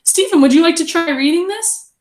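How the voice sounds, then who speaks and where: A young adult woman teaching a reading lesson to a class, encouraging and expressive as she reads aloud. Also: very high voice, a little fast.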